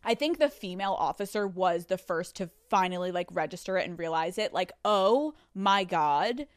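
A woman hosting a solo podcast in a studio, telling a story in an animated, profane way. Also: on the low side, a little fast, clear, resonant tone, dry recording. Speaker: podcast host.

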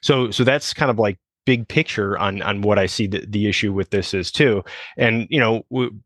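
A man co-hosting a podcast, talking things through slowly, restarting and repeating words as he thinks. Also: lowish voice, a bit bright, no echo. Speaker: podcast co-host. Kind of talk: casual conversational discussion.

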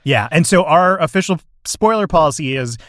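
A man's voice: fairly high pitch, lively intonation, normal speed, fairly bright tone, no echo. Male podcast co-host, upbeat, laughs a lot, dry close-mic sound. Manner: upbeat, laughs often, explains the format plainly. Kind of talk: casual podcast chat.

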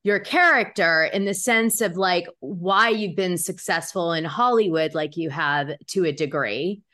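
A woman's voice: lowish voice, a little slow, fairly bright tone. A woman hosting a casual chat, frank and blunt, swearing freely as she speaks her mind.

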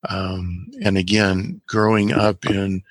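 A man talking as a podcast guest, calmly recounting a patient's case history from his healing work. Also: low-pitched, dry recording. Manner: calm, measured storytelling with quoted dialogue. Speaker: guest practitioner of guided imagery.

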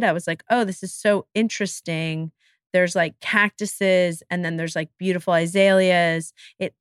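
A woman's voice: fairly low pitch, a bit bright, no echo, studio quality. A woman hosting a podcast, talking casually and with enthusiasm, with self-deprecating asides. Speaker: podcast host. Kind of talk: casual solo podcast talk.

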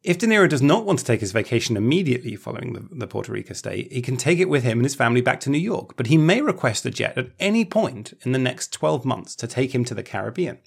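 A man's voice: medium pitch, very animated, fast, creaky, hardly any pauses, breathy edge. A man co-hosting a podcast in casual chat, talking with many ums and restarts. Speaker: podcast co-host.

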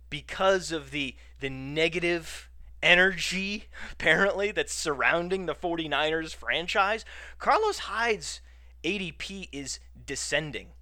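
Bright-voiced man, mock-indignant podcast host. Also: on the high side, no room sound. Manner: playfully indignant, mock-outraged. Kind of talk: casual solo podcast talk.

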